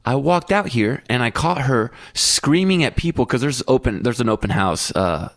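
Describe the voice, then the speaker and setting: A man's voice: mid-range voice, expressive, moderate pace, no echo, studio quality. A middle-aged man co-hosting a podcast, telling a family story in casual chat and acting out his kids' voices. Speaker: podcast co-host.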